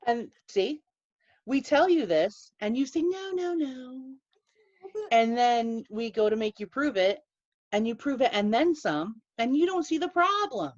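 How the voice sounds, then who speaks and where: A woman co-hosting a casual podcast over a video call, talking with a lot of expression. Her pitch swings up and down widely as she talks. The audio comes through dull and lo-fi. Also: moderate pace. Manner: expressive, animated. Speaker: podcast co-host. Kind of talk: casual chat. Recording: dull lo-fi sound.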